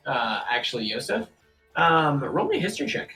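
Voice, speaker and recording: A man running a tabletop game as game master, narrating casually with many pauses and fillers. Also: fairly high pitch, very animated, sharp tone, soft background music, poor audio.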